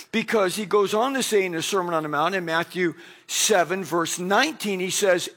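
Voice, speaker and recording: Middle-aged male pastor, high voice, lively sermon delivery that acts out quoted lines.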